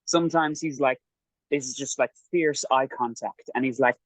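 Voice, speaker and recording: A man's voice: medium pitch, normal speed, no echo, poor audio. A man in casual podcast chat, telling a rambling, self-mocking story about his training. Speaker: podcast guest recounting training.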